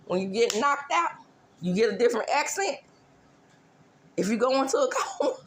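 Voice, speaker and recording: A woman's voice: a little high, sing-song, normal speed, long pauses, a bit bright. Sassy woman dishing reality-TV gossip. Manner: sassy, drawling, mock-mimicking. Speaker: gossip show host. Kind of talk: casual celebrity gossip commentary.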